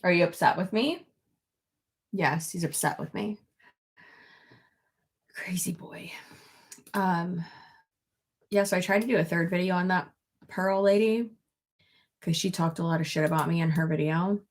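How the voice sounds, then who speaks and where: A young woman chats loosely and candidly, her voice husky and pitched a little low. She swears freely and talks to her viewers. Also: normal speed, long pauses. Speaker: YouTuber on a livestream. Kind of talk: casual chat reading comments.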